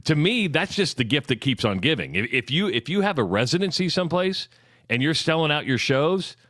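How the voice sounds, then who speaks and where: A man co-hosting a sports talk radio show, laying out facts and figures in a measured way with some stumbling restarts. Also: fairly high pitch, big pitch swings, a bit bright, no room sound, studio quality.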